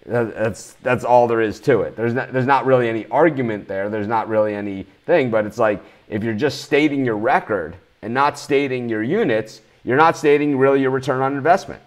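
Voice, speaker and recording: A man's voice: mid-range voice, fairly quick, hardly any pauses. Blunt, swearing male betting-show host. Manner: blunt, ranting, swears freely. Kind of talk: live sports betting talk.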